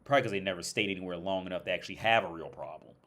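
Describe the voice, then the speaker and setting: A man's voice: low voice, rapid-fire, fairly bright tone. A young American man tells a rambling, profane story in a casual rant, full of restarts and exasperation. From United States. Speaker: streamer.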